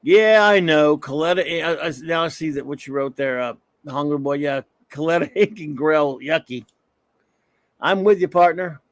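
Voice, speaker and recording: A man with a fairly high voice hosts a casual comics talk livestream, chatting at a moderate pace and reading viewer comments aloud. The recording is dry and rough.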